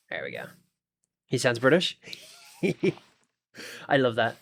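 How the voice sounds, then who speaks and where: A man's voice: mid-range voice, wildly swooping pitch, slow pace, gravelly, a bit bright. Chatty Australian streamer guy. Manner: rambling, chatty, talks to his chat. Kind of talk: casual gaming livestream chat.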